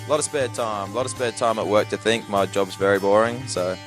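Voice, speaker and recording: A man's voice: on the low side, fairly quick, music in the background. A young man doing a stand-up set in a comedy club, laid-back and mumbly, swearing often.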